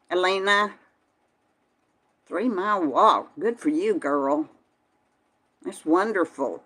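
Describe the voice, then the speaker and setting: Chatty older woman, lowish voice. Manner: chatty, answers viewers by name, folksy. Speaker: vlog host reading live chat. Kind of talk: casual live-stream chat.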